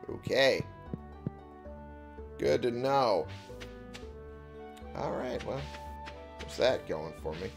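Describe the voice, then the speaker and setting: Man, casual gameplay commentary, very animated pitch, exasperated, swearing, game music behind. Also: extremely slow, gravelly, long pauses. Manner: exasperated, swears a lot, frequent exclamations and laughs. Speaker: let's play streamer.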